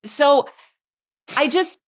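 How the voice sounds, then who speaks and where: A woman's voice: sits high, lively intonation, extremely slow. A woman speaking as a coach on a podcast in casual conversation, earnest and emphatic and openly emotional, recorded on a podcast microphone.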